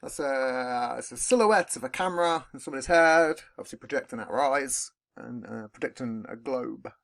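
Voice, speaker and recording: A man's voice: mid-range voice, moderate pace, creaky, fairly bright tone. A man with a British accent hosting a podcast, chatting casually in a rambling way and swearing freely. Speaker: podcast host. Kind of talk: casual chat. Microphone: podcast recording.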